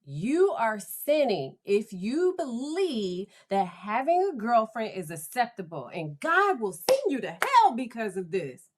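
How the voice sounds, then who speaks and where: Woman playing a stern religious mother, preachy, condemning, slightly raised pitch. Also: big pitch swings, unhurried, few pauses, slight background noise. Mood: scolding.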